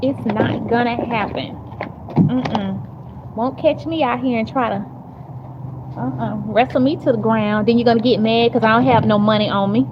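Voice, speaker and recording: Chatty woman livestreaming while walking outdoors. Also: a little high. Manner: chatty, talks to chat readers, frequent laughs and fillers. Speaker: livestream host. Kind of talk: casual livestream chat with viewers. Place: outdoors, walking to her car. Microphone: phone held in hand. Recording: dull phone audio with outdoor noise.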